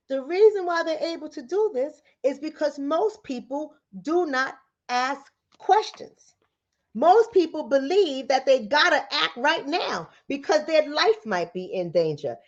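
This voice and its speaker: Fast-talking high-voiced Bronx woman. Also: animated, muffled recording. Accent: New York. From New York, Bronx. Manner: fast-talking, preachy, rhetorical questions to viewers. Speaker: relationship coach and commentator. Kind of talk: direct-to-camera commentary.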